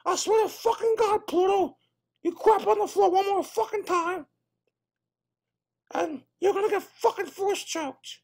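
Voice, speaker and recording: A man voicing a foul-mouthed cartoon mouse who is fed up and ranting at his dog in a shrill, cursing tirade. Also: a little slow, vocal fry, darkish tone, exaggerated voice. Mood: furious.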